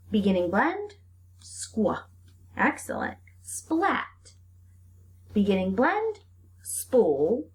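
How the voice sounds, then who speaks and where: Slow, lively woman teacher with lilt. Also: medium pitch. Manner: slow, drawn-out sounds with lively, encouraging praise. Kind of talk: phonics lesson to young children.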